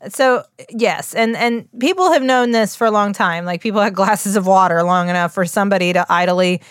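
A woman's voice: medium pitch, fairly quick, clear, resonant tone, no room sound, studio quality. A woman from West Virginia with a West Virginia accent, co-hosting a podcast in a rambling, chatty way, full of fillers and restarts. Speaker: podcast co-host. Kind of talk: casual chat.

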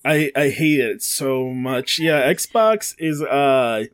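A man's voice: medium pitch, slow. A man co-hosting a podcast in casual chat, telling rambling stories full of fillers and restarts. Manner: rambling, filler-heavy storytelling. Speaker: podcast co-host.

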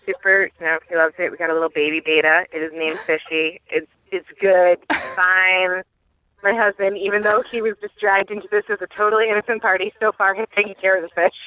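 A woman's voice: medium pitch, fast talker, no echo. A woman in her thirties calling in to tell a rambling, self-mocking parenting story, her voice coming through a phone. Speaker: caller sharing a parenting story. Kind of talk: recorded phone rant. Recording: tinny phone line.

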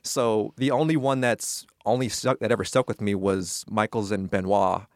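A man's voice: on the low side, fairly even intonation, normal speed, dry recording, clean studio sound. A man in his thirties, a podcast guest and attorney, telling stories casually, rambling and correcting himself with a laugh. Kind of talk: casual storytelling in conversation.

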